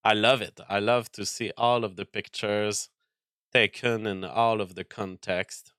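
Man, lowish voice, smooth resonant tone, dry close sound, casual livestream rant, stammering restarts. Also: steady tone, measured pace, a bit bright, no echo. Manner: mock-angry ranting, profane, stammering restarts. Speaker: livestream host reading chat.

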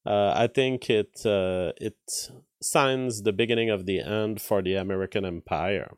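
A man's voice: on the low side, measured pace, smooth, no room sound, clean studio sound. A man with a French accent, a native French speaker, commenting on the news live and answering chat, thinking aloud with many fillers and restarts. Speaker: streamer covering news.

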